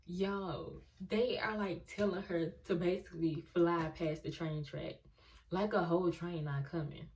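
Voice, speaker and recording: A woman's voice: lowish voice, unhurried. A young woman telling a story casually and animatedly to her viewers. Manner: animated, talks straight to viewers. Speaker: vlogger.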